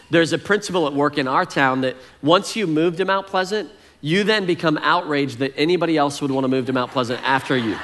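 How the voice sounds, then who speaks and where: Man, 30s, lead pastor; folksy conversational sermon with humor, slightly high voice. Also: fairly bright tone.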